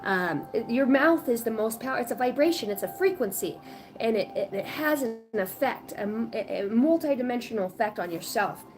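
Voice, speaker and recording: A woman in her late thirties chatting casually on a spiritual livestream, rambling and animated, often laughing. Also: fairly high pitch, moderate pace. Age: 30s. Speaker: spiritual reader.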